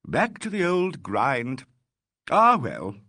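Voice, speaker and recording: A man's voice: mid-range voice, wildly swooping pitch, slow, pushed and bright, no echo, clean studio sound, voice pushed up, exaggerated voice. A man doing a self-pitying theatrical actor. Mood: wistful. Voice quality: affected, sighing, melodramatic.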